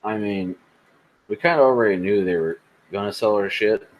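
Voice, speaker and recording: A man's voice: on the low side, normal speed, highs cut off. A man co-hosting a casual tech podcast, blunt, sarcastic and profane in his remarks. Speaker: podcast co-host.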